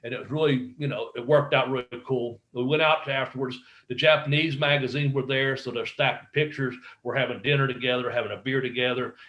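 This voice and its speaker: A man's voice: mid-range voice, fairly even intonation, fast talker, hardly any pauses, fairly bright tone, rough recording. A middle-aged man, a former pro wrestler, telling backstage stories in a casual interview, acting out quotes, swearing freely and laughing often.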